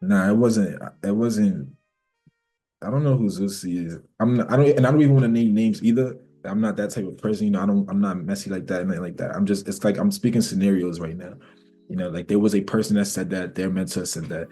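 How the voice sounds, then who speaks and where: A man's voice: low voice, steady tone, a little fast, dark tone, slightly rough, soft background music. A young man teaching a casual live trading class as a mentor, talking in a slangy, rambling way. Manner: slangy, rambling, talks back and forth with himself.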